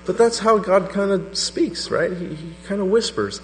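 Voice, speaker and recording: A middle-aged man preaching a sermon to a congregation, telling a personal story with animated energy. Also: moderate pace. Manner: animated storytelling, voice rising to a high pitch in quoted prayers. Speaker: pastor. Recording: reverberant hall with mains hum.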